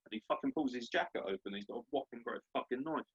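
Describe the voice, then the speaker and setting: A man with a southern English accent ranting in casual sports podcast chat, sweary and animated. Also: mid-range voice, fast, lo-fi sound. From southern England. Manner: sweary, animated ranting, puts on gruff voices. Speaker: podcast host.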